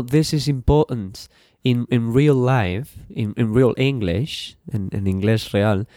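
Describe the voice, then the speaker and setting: Casting: male teacher, slow patient drilling, dry close mic. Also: mid-range voice, darkish tone, dry recording. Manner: slow, repetitive drilling, switching to Spanish translations. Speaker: English teacher. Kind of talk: bilingual English lesson podcast.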